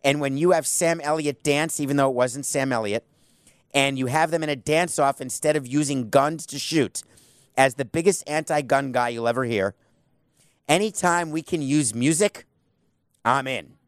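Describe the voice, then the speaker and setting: A man talks in a loose, opinionated commentary style with quick self-deprecating jokes. His voice sits at an ordinary middle pitch. The sound is dry and close, with no room around it. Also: smooth, no echo.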